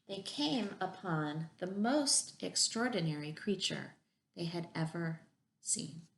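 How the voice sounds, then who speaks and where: Gravelly, low-voiced preschool teacher. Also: female voice, animated, slow pace, slight background noise. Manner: gentle, warm-paced and encouraging with children. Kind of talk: children's story time reading.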